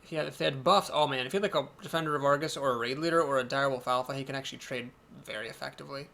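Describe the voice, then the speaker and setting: A man's voice: medium pitch, racing, creaky, a bit bright. A man talking casually over his card game, thinking aloud, chatty and self-deprecating. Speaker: game video host. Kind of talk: casual gameplay commentary.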